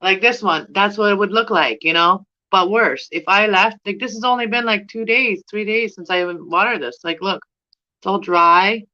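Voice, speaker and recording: A middle-aged woman with a Canadian accent talks to her camera in a loose, rambling way and breaks into giggles. Her voice is bright and forward. The recording sounds dull and lo-fi. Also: mid-range voice, normal speed. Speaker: plant vlogger. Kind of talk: casual chat to camera.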